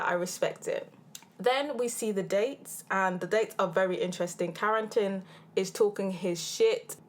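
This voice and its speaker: A British woman hosting a casual reality TV recap, blunt and animated with plenty of slang, recorded on a handheld recorder. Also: medium pitch. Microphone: handheld field recorder.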